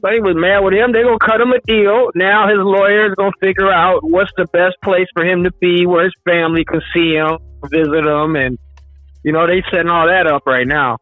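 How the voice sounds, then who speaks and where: A man calling in to a talk show, explaining things in a steady way. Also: high-pitched, fairly quick, dry recording. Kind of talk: casual talk show chat. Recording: tinny phone line with music behind.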